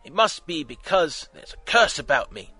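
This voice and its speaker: A man voicing a vain, excitable male time-travelling hero in a comic fan fiction reading, loud and full of indignation. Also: a little high, moderate pace, slightly rough, faint music behind, heavily acted. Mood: indignant. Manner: loud, indignant, boastful outbursts.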